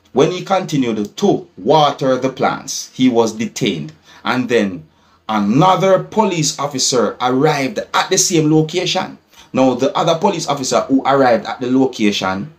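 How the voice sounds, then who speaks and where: A man with a Jamaican accent, a vlogger retelling a news article, often asking viewers whether they see his point. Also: mid-range voice. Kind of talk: news commentary vlog.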